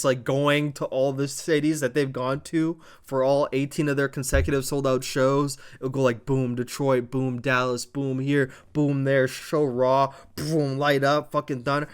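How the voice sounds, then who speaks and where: Casual male vlogger, smooth voice, mid pitch, animated recap with swearing and fillers. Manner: excitable storytelling, heavy swearing and fillers. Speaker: wrestling show reviewer.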